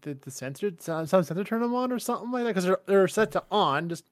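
High-voiced man on a dry mic. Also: fast, dry recording. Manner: excitable, swears, laughs while talking. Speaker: podcast co-host. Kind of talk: casual chat.

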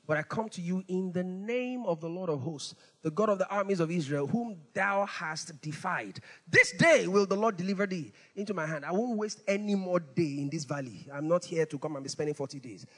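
Sermon reading: man voicing a defiant shepherd, solemn and bright, in a reverberant hall. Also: high-pitched, fairly quick, hardly any pauses, voice pushed down. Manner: solemn, declaiming scripture. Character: bold young shepherd boy, confident in God.

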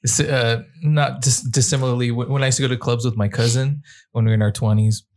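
A man in his thirties telling a self-deprecating story in a halting, restarting way. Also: mid-range voice, steady tone, a little mellow. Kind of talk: casual anecdote.

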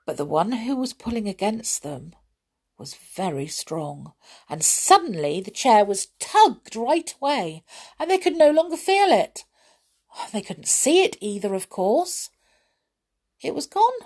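A woman narrating a children's storybook in an expressive, animated way. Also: mid-range voice, unhurried.

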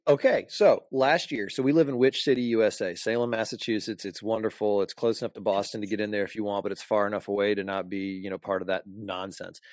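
A man's voice: fairly low pitch, steady tone, fast, few pauses, darkish tone, no echo. A man from Michigan hosting a podcast, chatting in an enthusiastic, playful and jokey way. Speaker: podcast host. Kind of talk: casual chat.

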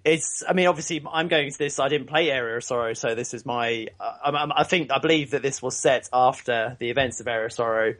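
A man's voice: mid-range voice, fast, hardly any pauses, fairly bright tone. Man, podcast co-host, casual and hesitant, easy laughter. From United Kingdom. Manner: hesitant, many restarts, laughs easily. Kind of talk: casual chat.

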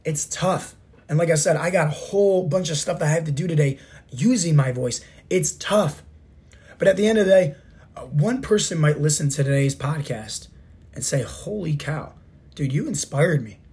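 A man in his thirties with a hoarse, sore throat hosting a motivational fitness podcast, talking emphatically and asking rhetorical questions. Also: a little high, moderate pace, a little mellow. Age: 30s. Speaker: podcast host and fitness coach.

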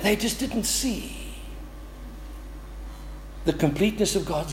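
High-voiced male pastor preaching in a reverberant hall. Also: lively intonation, slight background noise. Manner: preaching with drawn-out phrases, swinging between loud and soft. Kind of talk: sermon. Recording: long reverb of a large hall.

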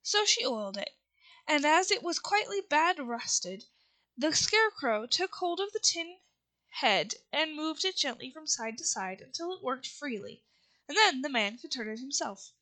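A woman reading a children's novel aloud in a steady, unhurried way, with small slips now and then. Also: high-pitched. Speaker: reader.

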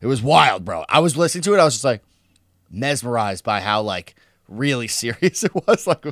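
A man's voice: medium pitch, big pitch swings, fairly quick, a bit bright, no room sound, studio quality. A young man co-hosting a podcast, talking in a loose, rambling way and swearing often. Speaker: podcast co-host. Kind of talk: casual podcast chat.

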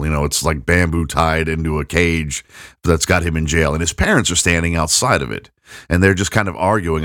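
A middle-aged man with a very low voice tells a long, rambling story, mocking himself and laughing along. It sounds dry and close, with no room around him. He is a podcast host talking casually. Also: fairly bright tone, no room sound.

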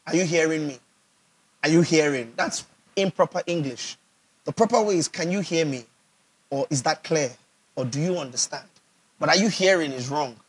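Husky Nigerian man preaching a sermon. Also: on the high side, a bit bright. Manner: emphatic, repeats phrases for effect, asks the audience questions. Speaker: pastor.

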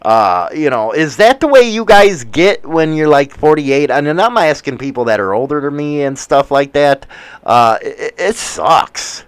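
A man in his forties with a Chicago accent, rambling through news with profane, animated asides. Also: a little high, normal speed, smooth, dry recording. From United States. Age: 40s. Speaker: commentator reading news. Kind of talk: casual commentary.

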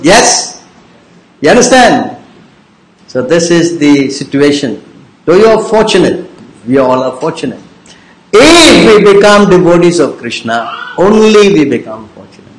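A man's voice: medium pitch, roomy sound, low-quality recording. A man as a spiritual teacher giving a conversational sermon on scripture. He keeps checking in with his listeners and teases them with rhetorical questions. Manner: keeps checking in with listeners with "yes?" and "you understand?".

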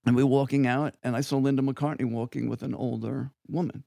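An older man from Long Island, a guest musician telling rambling, animated stories with frequent asides in an interview. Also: mid-range voice, brisk, creaky, no room sound, clean studio sound. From Long Island, New York. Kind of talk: anecdotal storytelling in an interview.

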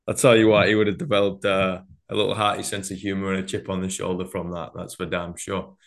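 A man's voice: low-pitched, flat delivery, normal speed, vocal fry. A man from northern England with a Manchester accent, hosting a podcast in a chatty, slangy way and laughing often. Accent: Northern English, Manchester. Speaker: podcast host. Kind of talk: casual conversation.

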